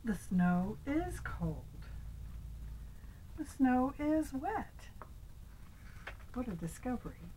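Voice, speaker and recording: An older woman reading a picture book aloud to her grandchild, gentle, asking the child little questions, sometimes dropping into a whisper. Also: sits high, very animated, very slow, pauses often, a little hiss or hum, rough recording.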